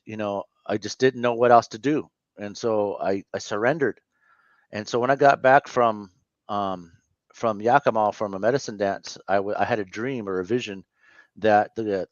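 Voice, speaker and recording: A man in his fifties recounts his own story as an interview guest, earnest and candid, often stopping to correct himself. His voice sits low. The recording is dry, with a dull, lo-fi sound. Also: no room sound. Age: 50s. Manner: earnest and candid, halting with frequent self-corrections.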